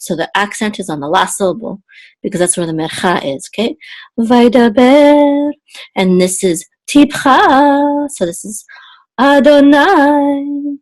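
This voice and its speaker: A woman's voice: mid-range voice, a little mellow. Female Hebrew tutor, slightly sore throat, patient explainer who breaks into sung chant phrases. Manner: explains slowly, then chants the trope melodies. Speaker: Hebrew teacher. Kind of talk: online Bible Hebrew lesson.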